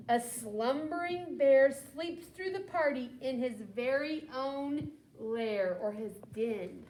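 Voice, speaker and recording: A young adult woman teacher reading a picture book aloud to children in an animated, expressive way, with asides to them. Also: sits high, slow pace, few pauses. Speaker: teacher leading a language group. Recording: echoey room with faint background hum.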